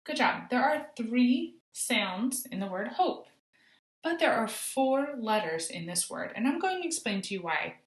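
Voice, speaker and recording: Slow, patient teacher woman, roomy echo. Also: on the high side, very animated. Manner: slow, clear modeling of sounds for kids to echo. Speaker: kindergarten teacher. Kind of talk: recorded phonics lesson for children.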